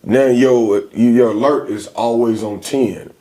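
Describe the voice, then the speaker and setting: A man's voice: medium pitch, slow. A man in his forties, a guest in a casual interview, telling his stories with emphasis and energy. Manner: emphatic, animated storytelling.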